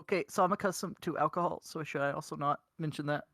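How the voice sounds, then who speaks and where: A man's voice: fairly high pitch, steady tone, quick pace, fairly bright tone, no echo, studio quality. A man playing in a tabletop game, casual and stammering when he gets flustered. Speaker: player.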